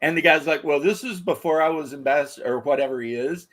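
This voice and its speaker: A man's voice: on the high side, fast. A man in casual chat as a podcast co-host, telling stories with lots of acted-out quotes and laughs. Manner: animated storytelling, acting out quotes with laughs.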